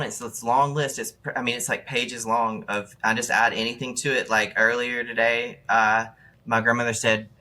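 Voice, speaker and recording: A man from Mississippi with a Southern accent, chatting as a podcast guest, talkative and full of fillers. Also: mid-range voice. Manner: chatty, animated, many fillers. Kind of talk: casual interview chat.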